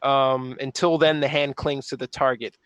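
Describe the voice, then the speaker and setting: A man's voice: medium pitch, flat delivery, moderate pace, fairly bright tone, smooth, no room sound. A man playing a tabletop game, thinking aloud over rules with lots of hesitation. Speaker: player.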